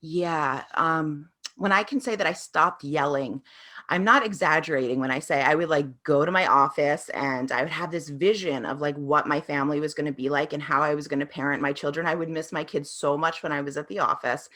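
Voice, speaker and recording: A woman's voice: low-pitched, brisk, a bit bright. A woman answering interview questions as a parenting coach, telling her experiences in an earnest, reflective way.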